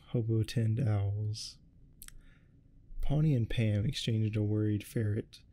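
A man doing a soft-spoken ASMR reading of a story, deadpan with irreverent asides. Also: lowish voice. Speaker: ASMR reader.

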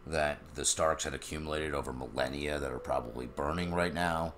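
Very deep-voiced man in blunt book chat. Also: steady tone, fairly quick, fairly bright tone, a little hiss or hum. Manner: blunt and wry. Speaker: podcast co-host. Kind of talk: casual book discussion.

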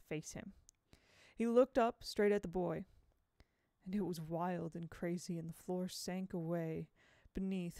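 Smooth-voiced woman reading a novel. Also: fairly low pitch, no echo, clean studio sound. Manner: measured, expressive. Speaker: audiobook reader.

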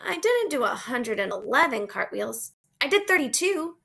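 A woman's voice: high-pitched, sing-song, moderate pace, creaky, pushed and bright, pitched above the performer's own voice, heavily acted. A woman reading aloud, voicing a boastful, sporty young schoolgirl in a storybook.

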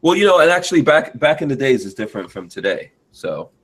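A man's voice: medium pitch, sing-song, quick pace, a bit bright, slight background noise. Chatty man hosting a podcast. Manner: asks questions, joking asides. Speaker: podcast host. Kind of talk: casual podcast chat.

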